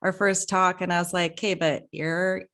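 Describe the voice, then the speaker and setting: A woman's voice: lowish voice, level tone, normal speed. Emotional middle-aged woman podcast host. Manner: warm, emotional, laughs often. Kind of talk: casual heartfelt conversation.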